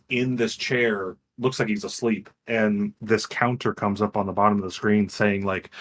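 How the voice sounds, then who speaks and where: Casting: young male podcast co-host, slightly low voice, rambling animated retelling. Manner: rambling, restarts often, animated storytelling. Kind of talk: casual chat, retelling a game.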